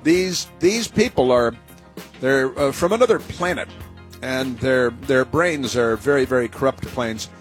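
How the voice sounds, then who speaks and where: A man's voice: medium pitch, measured pace, soft background music. A male talk radio host speaking in a rambling, sarcastic monologue full of fillers and restarts.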